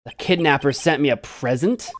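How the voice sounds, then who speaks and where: A man's voice: a little high, a little hiss or hum, close to an everyday voice. A man doing a flustered young defense lawyer. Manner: quick, flustered, exclaiming.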